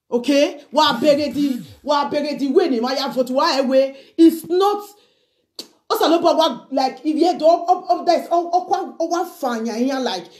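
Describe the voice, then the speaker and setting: A Nigerian woman with a high voice speaks straight to the camera in a casual video message. She pleads earnestly and switches freely between English and Pidgin. She keeps checking in with "okay?" and "you understand?". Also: a little mellow. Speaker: vlogger sending a video message. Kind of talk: casual spoken appeal to the camera.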